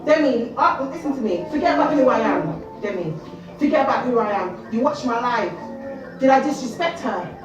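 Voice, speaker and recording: A woman with a high voice argues on a phone livestream, confrontational and swearing constantly. The sound bounces around an echoey space, with faint music playing in the background. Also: expressive, moderate pace, far from the mic, muffled recording. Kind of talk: heated doorstep argument on a livestream. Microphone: phone held in hand.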